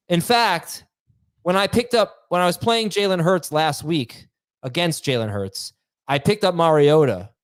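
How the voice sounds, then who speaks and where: A man hosts a relaxed chat show and reads out listener mail, his voice sitting a little higher than most men's. He talks in quick, halting bursts, and the sound is close and dry with no room around it. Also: smooth, no room sound. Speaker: podcast host reading listener emails. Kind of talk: casual chat.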